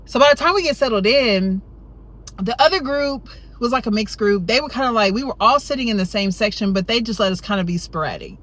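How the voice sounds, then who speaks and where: A woman's voice: expressive, fairly quick. A woman casually telling a storytime tale, chatty and rambling, often tucking in "you know" and "right?". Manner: jumps high and loud when acting out her younger self. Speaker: storytime vlogger.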